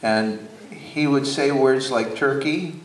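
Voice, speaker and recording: An older man telling stories slowly on stage, with many hesitations. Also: mid-range voice, recorded from a distance, a little hiss or hum. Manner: slow, anecdotal, hesitant. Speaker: guest speaker. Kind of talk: on-stage conversation. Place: theater stage before an audience. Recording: roomy hall, mic from afar.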